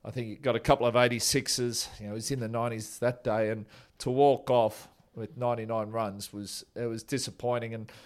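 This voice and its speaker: A man's voice: mid-range voice, little pitch movement, a little fast, few pauses. A man, telling casual stories about a former teammate in an interview, chatty and laid-back. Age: 40s.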